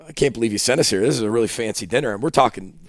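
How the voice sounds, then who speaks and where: Speaking at a racing pace in a medium pitch, this male football coach guests on a casual podcast and acts out dialogue while telling an animated story. The sound is dry and studio-clean.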